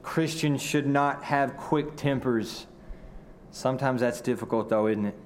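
Southern guy preaching, mid pitch, earnest, drags out key words, bit of background hiss. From Arkansas, US South. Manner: earnest, repeats words, slows for emphasis. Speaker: pastor. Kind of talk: sermon.

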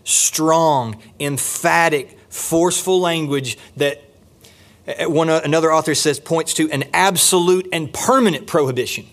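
A man preaches a sermon from a church pulpit. His delivery is emphatic, climbing high on key points and slowing to a low, deliberate tone when he stresses a phrase. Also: fairly bright tone. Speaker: pastor. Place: church sanctuary.

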